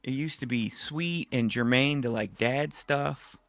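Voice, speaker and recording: A man's voice: mid-range voice, a little slow, a bit bright, dry recording. A middle-aged man co-hosting a casual podcast, teasing his friend with mock-serious jokes. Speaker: podcast co-host. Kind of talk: casual chat.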